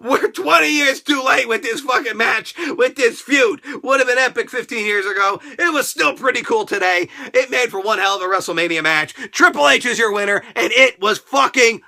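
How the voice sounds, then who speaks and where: High, bright, excitable male ranter. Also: normal speed, gravelly, few pauses. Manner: excitable, crude, shouting rants. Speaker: host. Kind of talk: casual profane wrestling review.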